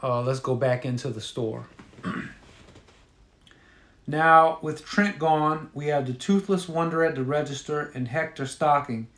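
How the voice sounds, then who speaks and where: A man's voice: a little high, unhurried, pauses often, a bit bright, echoey room. A man telling a crude story in a profane, offhand way.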